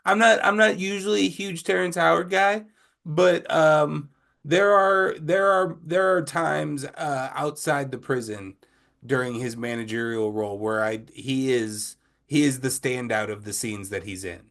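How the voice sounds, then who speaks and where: A man's voice: a little high, steady tone, vocal fry, fairly bright tone. A man co-hosting a casual movie podcast over a video call, hesitant and full of ums, stretching out words for emphasis. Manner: hesitant, many ums and restarts, drawn-out emphasis. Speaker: movie reaction podcast co-host.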